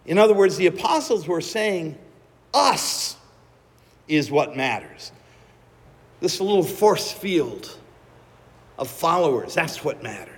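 A man preaching a sermon, telling the story slowly and dramatically with acted-out quotes. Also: high-pitched, animated, a little mellow, breathy edge, long reverb tail.

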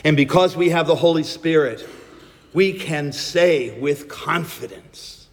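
A male pastor preaching a sermon and leading a breathing prayer, slow and gentle in a measured way. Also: fairly high pitch. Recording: long echo of a large hall.

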